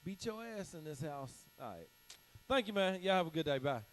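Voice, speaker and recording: A man's voice: on the high side, animated, brisk, very noisy. A man doing a stand-up set, telling loose stories with slang and punchy sound effects. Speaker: stand-up comedian.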